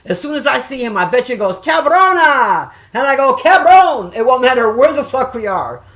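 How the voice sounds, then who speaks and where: A middle-aged woman chatting casually and telling stories, swearing often and jumping loud when she acts out quoted voices. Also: on the high side, quick pace. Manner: profane, animated, acts out quoted voices loudly. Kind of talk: casual storytelling chat.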